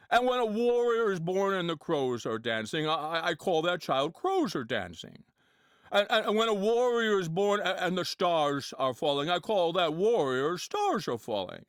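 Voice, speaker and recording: A man's voice: high-pitched, a bit bright, dry recording, clean studio sound. A man doing an impression of a classic male film star who stammers and repeats his words while telling a joke.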